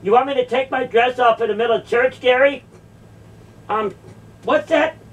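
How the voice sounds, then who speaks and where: A woman's voice: fairly high pitch, moderate pace, far from the mic, lo-fi sound. A woman delivering a confrontational, mocking monologue, sarcastically repeating phrases back. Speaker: video creator confronting a church.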